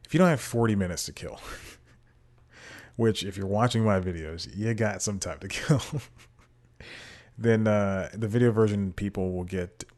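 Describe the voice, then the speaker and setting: A man's voice: fairly low pitch, unhurried, pauses often, darkish tone. A man hosting his own podcast in a casual, rambling monologue, self-deprecating and laughing often, talking into a desk microphone at home. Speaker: podcast host. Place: home room with TV playing.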